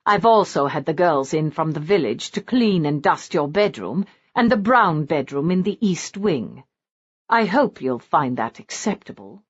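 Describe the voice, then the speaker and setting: A woman voicing a sour, disapproving older housekeeper who speaks stiffly and without warmth, on a dull lo-fi recording. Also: low-pitched, animated, unhurried, breathy edge, no echo, exaggerated voice. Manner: stiff, unwelcoming.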